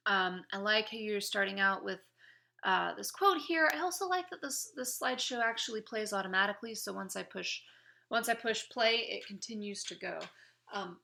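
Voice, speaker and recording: A woman's voice: medium pitch, normal speed, gravelly, bright, forceful tone. A woman instructor giving spoken feedback on a student's presentation, encouraging, with many fillers and restarts.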